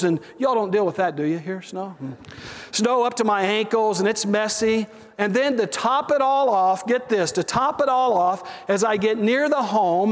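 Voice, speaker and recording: A pastor with a high voice tells a story from the pulpit, talking in a relaxed, conversational way and checking in with the congregation as he goes. His voice rings through a large church sanctuary with a long reverb tail. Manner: conversational, with audience asides. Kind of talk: storytelling sermon.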